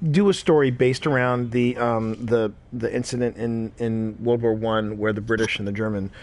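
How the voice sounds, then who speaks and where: A middle-aged man, tired, talks casually as he streams a game. His voice sits at an ordinary middle pitch. He rambles, repeats his words and reacts aloud to what happens in the match. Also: steady tone, moderate pace. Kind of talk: casual gameplay chat.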